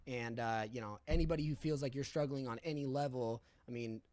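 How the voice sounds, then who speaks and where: A man's voice: medium pitch, brisk, a little mellow, no echo. A young man telling a candid story in casual talk, full of swearing and fillers. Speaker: podcast guest.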